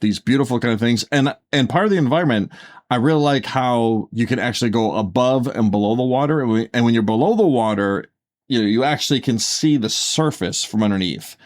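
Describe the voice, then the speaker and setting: This casual podcast co-host has a mid-range voice and talks fairly quickly. He rambles, uses plenty of fillers, and keeps restarting and fixing his sentences.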